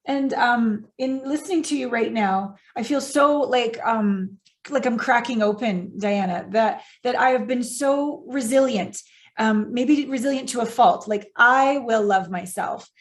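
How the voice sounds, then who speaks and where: A podcast host, a woman with a fairly high voice, speaks earnestly and sounds close to tears. She opens up in a heartfelt conversation, affirming her guest as she goes. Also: measured pace. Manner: earnest, tearful, affirming listener. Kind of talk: emotional interview conversation.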